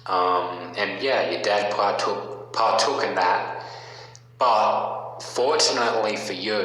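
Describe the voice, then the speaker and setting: Slow, low-voiced man in an echoey room. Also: sharp tone. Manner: halting, full of fillers and restarts; mocking, taunting. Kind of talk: casual rant. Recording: very echoey room with long reverb and faint hum.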